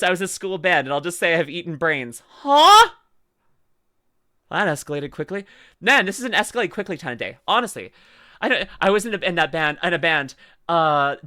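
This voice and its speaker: A Canadian man chatting through a reaction stream, his voice high-pitched and bright. He rambles, exclaims and jumps all over his range as he reacts. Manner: excitable, rambling, quick to laugh and exclaim. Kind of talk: casual reaction commentary.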